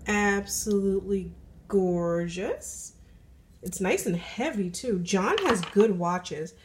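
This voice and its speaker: Slow-talking gushing woman vlogger. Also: mid-range voice, noisy background. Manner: gushing, effusive, thankful. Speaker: jewelry vlogger. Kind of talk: casual unboxing vlog. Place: apartment with a train passing outside. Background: faint passing train.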